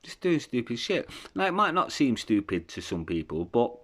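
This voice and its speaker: A man's voice: mid-range voice, big pitch swings, moderate pace, a bit bright. A man telling his life story in a candid, rambling way, swearing freely. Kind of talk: casual storytelling.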